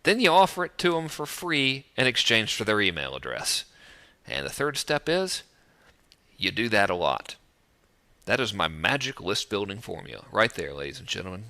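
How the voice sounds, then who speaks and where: A man's voice: on the low side, normal speed. A man teaching online marketing in a casual direct-to-camera talk, joking and breezy, recorded outdoors. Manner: joking, breezy and animated, with playful sound effects. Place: outdoors overlooking the ocean.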